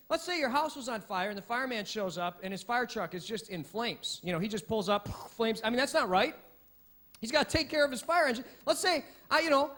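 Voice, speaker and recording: A man preaching a sermon as pastor, in a lively, conversational way with frequent restarts. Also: sits high.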